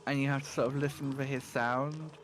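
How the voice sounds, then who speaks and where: A man's voice: mid-range voice, level tone, fairly quick, slight background noise. A man commentating a speedrun in casual chat, teasing his co-host and talking to chat.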